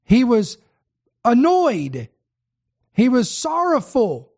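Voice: mid-range voice, wildly swooping pitch, slow, darkish tone. A preacher delivering a sermon, speaking earnestly, repeating key words for emphasis and addressing the listeners directly.

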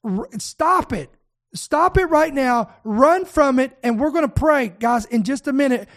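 A high-pitched older preacher hosts a spoken show, talking straight to the listeners. The delivery is animated and storytelling, with words doubled up as the thoughts run on. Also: a little slow. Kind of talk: preaching online talk show.

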